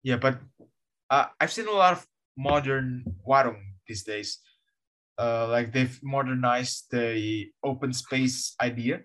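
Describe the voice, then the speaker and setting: A young man from Indonesia, English his second language, with an American-based Indonesian accent, co-hosting a casual chat in a halting, self-correcting way. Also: mid-range voice, fairly bright tone. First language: not English. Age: young adult. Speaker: podcast co-host.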